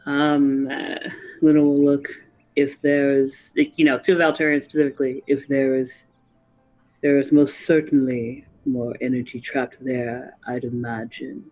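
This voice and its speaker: A male player describes his moves in a halting, hesitant way, with a mid-range voice. He comes through a thin, phone-like line, and faint music plays behind him. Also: medium pitch, level tone. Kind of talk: describing actions in a tabletop game.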